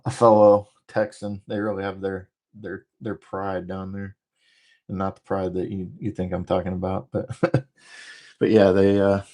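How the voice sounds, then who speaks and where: A man from the northern United States hosting a casual livestream, talking fast and rambling through jokes while he reads out viewer comments. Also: low voice, darkish tone. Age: adult, former military. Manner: rambling, joking, talks fast. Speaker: livestream host.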